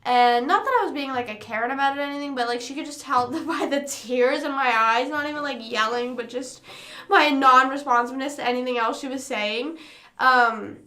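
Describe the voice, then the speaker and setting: A woman's voice: sits high, brisk, sharp tone. A woman in her early twenties hosting a casual late-night livestream. She rambles through stories full of fillers. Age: early 20s. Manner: rambling, filler-heavy storytelling. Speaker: livestream host.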